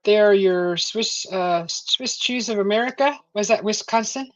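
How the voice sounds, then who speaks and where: A woman's voice: medium pitch, measured pace. A woman hosting a casual livestream from home, chatting with viewers and rambling with many "uh" fillers. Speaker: livestream host. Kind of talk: casual livestream chat, reading viewer comments. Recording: dull lo-fi stream audio, faint music.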